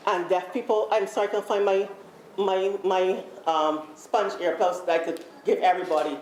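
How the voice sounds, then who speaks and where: Woman, Barbadian accent, workshop leader, animated, repeats herself, echoey room, faint noise. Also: medium pitch, moderate pace. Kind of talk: lively live workshop talk to a group. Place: large room with an audience.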